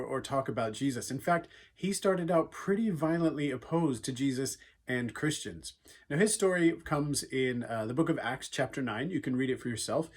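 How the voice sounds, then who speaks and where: A man giving an earnest, conversational devotional talk for young people, retelling a Bible story. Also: mid-range voice. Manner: earnest, conversational, with frequent fillers. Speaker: youth speaker.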